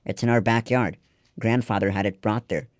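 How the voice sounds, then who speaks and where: A man's voice: lowish voice, fairly even intonation, moderate pace, no room sound, lightly acted. A man reading the lines of a kind, thoughtful girl sleuth in a storybook. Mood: caring.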